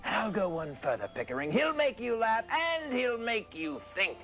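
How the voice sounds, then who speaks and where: An actor playing a pompous, scheming professor with a plummy, put-on posh accent in a parody sketch. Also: male voice, high-pitched, big pitch swings, normal speed, bright, forceful tone, soft background music, full character voice, poor audio. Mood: grandiose.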